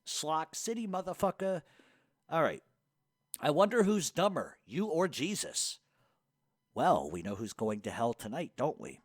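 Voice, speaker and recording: A man's voice: on the high side, very animated, a little slow, pauses often, dry recording. A man hosting a radio show, reading hate mail aloud and firing back with profane, mocking insults.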